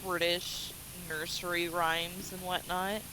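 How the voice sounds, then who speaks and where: A woman's voice: lowish voice, little pitch movement, slow, noisy background. Chatty woman gaming on stream. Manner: loose, swears, laughs often. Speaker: co-player on a stream. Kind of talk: casual chat while gaming.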